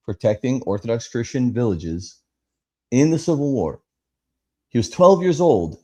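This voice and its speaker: A man co-hosting a live podcast, telling stories in a rambling, animated way full of fillers. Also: medium pitch. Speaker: podcast co-host. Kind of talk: casual chat.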